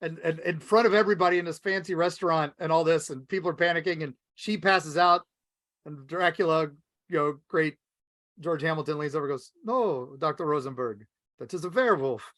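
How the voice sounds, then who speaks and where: A man co-hosting a podcast in casual chat, rambling and animated as he retells movie scenes. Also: fairly quick, no echo, studio quality. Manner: rambling, animated, acts out movie lines in a high voice. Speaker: podcast co-host.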